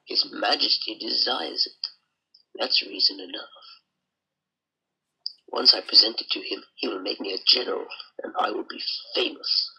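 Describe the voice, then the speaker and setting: A man voicing a greedy, scheming soldier villain in a video game, sneering and slipping into breathy whispered laughs. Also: fairly low pitch, normal speed, bright, forceful tone, full character voice, poor audio. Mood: menacing. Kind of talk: amateur voice acting over a video game.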